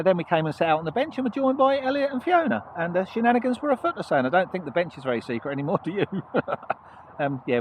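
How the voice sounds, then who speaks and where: A man's voice: a little high, a little hiss or hum, poor audio. A man chatting casually and jokily to camera, recorded outdoors by a canal. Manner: jokey, playful banter. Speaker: vlogger, narrowboat dweller. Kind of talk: casual chat.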